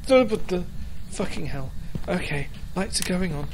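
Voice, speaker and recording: A man's voice: high-pitched, lively intonation, a little slow, a little hiss or hum. A young man streaming a horror game, muttering to himself, jumpy and swearing often. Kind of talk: casual gaming commentary.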